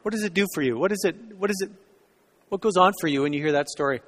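A man preaching a sermon in a church, telling a story and often dropping into soft, hushed lines. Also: high-pitched, fast talker. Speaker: pastor. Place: church sanctuary. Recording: long reverb of a church hall.

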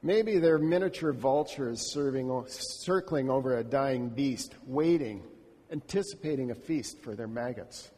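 A man's voice: medium pitch, a little slow, dark tone, breathy edge. A man telling a story as a first-person dramatic monologue, in an intimate, reflective inner voice. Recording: long hall reverb.

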